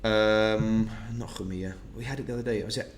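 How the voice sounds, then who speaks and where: A man's voice: on the low side, fairly even intonation, a little fast, a little hiss or hum. A man hosting an online wine tasting, chatting casually and laughing often at his own jokes.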